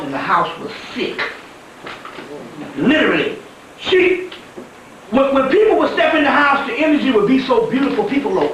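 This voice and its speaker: A man's voice: sits high, pushed and bright, a little hiss or hum. A man giving a rambling, profane spiritual lecture as a story, often laughing as he talks. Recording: echoey room from a distant mic.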